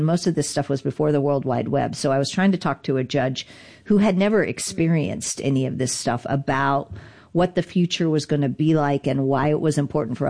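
Casting note: woman with a low voice, animated storyteller who acts out the people she quotes. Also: creaky. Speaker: guest, digital rights lawyer. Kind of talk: conversational storytelling interview.

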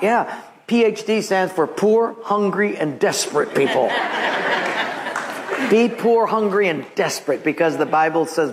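A man's voice: fairly high pitch, moderate pace. A man in his seventies, a pastor, preaching a sermon and telling jokes to his congregation. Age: 70s. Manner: animated storyteller, joking. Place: church sanctuary with congregation.

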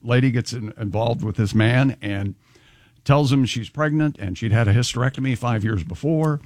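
A man's voice: mid-range voice, normal speed, a little mellow, dry recording, studio quality. A man cohosting a radio show, teasing the others and jumping in with quips. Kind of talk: casual radio banter.

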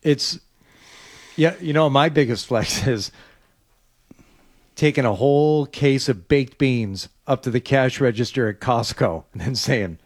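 A man's voice: medium pitch, a little slow. Man telling wry stories in casual chat.

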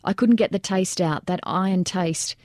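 A woman reading the lines of a mentally broken male soldier quietly recalling a grim memory in an audiobook. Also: lowish voice, moderate pace, dry recording, studio quality, natural voice. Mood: haunted.

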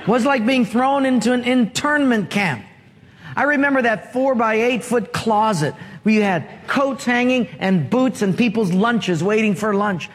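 A man's voice: high-pitched, fairly bright tone. A man preaching a sermon as pastor, telling stories and asking the congregation questions, heard with long hall reverb. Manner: storytelling, asks the congregation questions.

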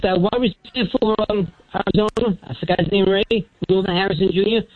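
An older retired man calling in on the phone, with a thin high "helium" voice, rambling from one topic to the next. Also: fairly even intonation, quick pace, no echo. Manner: rambling, jumps between topics. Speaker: caller. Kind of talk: rambling call-in sports talk. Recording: muffled phone-line call.

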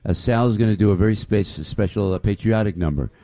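A man hosting a lively radio show, effusive and often raising his voice. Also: on the low side, fairly quick, dry recording. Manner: excitable, effusive, raises voice often.

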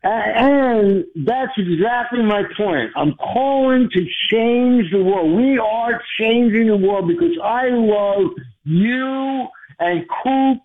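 Caller, male, very high voice, slow excited gushing talk, tinny phone line. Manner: excited, gushing, laughing easily. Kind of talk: phone call into a radio show.

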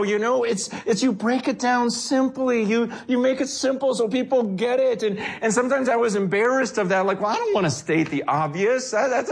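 High-voiced man preaching a casual sermon. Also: husky. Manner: conversational, animated, acts out quoted voices. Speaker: pastor.

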